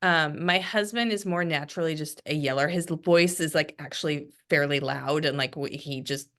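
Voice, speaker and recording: Woman, discussion leader on a video call, low-ish steady voice, even keel. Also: moderate pace. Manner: even-tempered, many ums. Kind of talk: casual group discussion.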